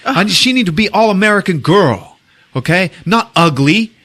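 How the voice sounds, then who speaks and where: A man impersonating a temperamental male filmmaker who speaks broken English and yells at everyone. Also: on the low side, measured pace, smooth. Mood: ranting. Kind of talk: comedic impression in a film recap.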